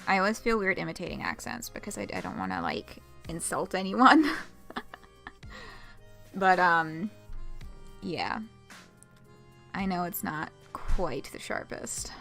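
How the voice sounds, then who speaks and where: A woman's voice: fairly low pitch, very animated, unhurried, vocal fry, long pauses, fairly bright tone, soft background music. A woman streamer giving casual let's-play commentary while reading a game aloud, chatty, laughing often and swearing freely.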